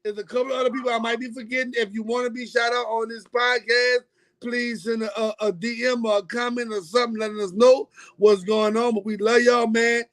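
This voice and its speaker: A man co-hosts a podcast in loose, casual chat. His voice sits very high, and he talks in streetwise slang, hammering points through repetition. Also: flat delivery, a little fast, fairly bright tone. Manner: streetwise slang, repeats for emphasis. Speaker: podcast co-host.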